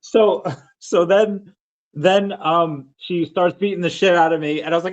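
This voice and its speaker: A man's voice: high voice, steady tone, measured pace, highs cut off. Rambling male podcast host. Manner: rambling, lots of fillers and restarts. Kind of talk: casual storytelling chat.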